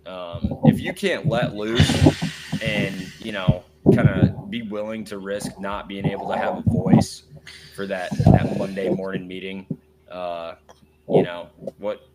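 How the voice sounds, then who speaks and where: A man's voice: low voice, level tone, takes it slowly, very noisy. A man co-hosting a casual sports podcast, earnest and rambling with many fillers. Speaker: podcast co-host.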